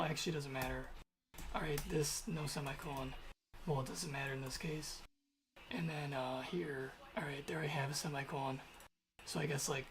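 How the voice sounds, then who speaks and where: A young man talking to himself as he codes on a stream, rambling and grumbling in a casual way. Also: a little high. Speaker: programmer streaming his coding. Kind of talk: casual thinking aloud while coding.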